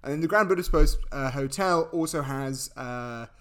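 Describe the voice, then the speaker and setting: A man's voice: medium pitch, moderate pace, a bit bright, smooth. A man co-hosting a casual film podcast, playful and teasing, swearing now and then. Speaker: podcast co-host.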